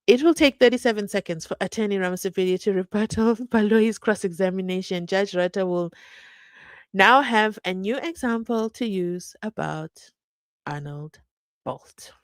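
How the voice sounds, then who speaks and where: A woman's voice: medium pitch, moderate pace, no room sound. A woman hosts a casual true crime live stream, reading out viewer comments and reacting with frequent laughter and mock disbelief. Her mid-range voice sounds close and dry, with no room around it. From South Africa. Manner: animated, laughs often, mock-incredulous questions. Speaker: true crime channel host.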